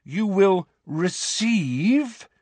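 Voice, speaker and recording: Brief: toad-like simpering inspector woman, read by a man, high pitched, loud, slow and patronizing. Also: big pitch swings, no room sound, full character voice. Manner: slow, loud, over-enunciated. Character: sugary, condescending middle-aged woman inspector, toad-like.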